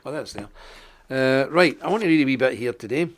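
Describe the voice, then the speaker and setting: A man's voice: mid-range voice, animated, a little fast, slight background noise. A middle-aged Scottish man hosting a live online show, ranting indignantly with sarcastic asides. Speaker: host.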